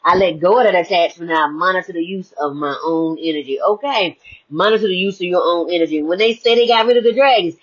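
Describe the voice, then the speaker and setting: A woman giving a lively spiritual motivational talk, swinging between hushed, reflective stretches and bright exclamations. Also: on the low side, quick pace. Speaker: inspirational speaker. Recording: muffled lo-fi audio.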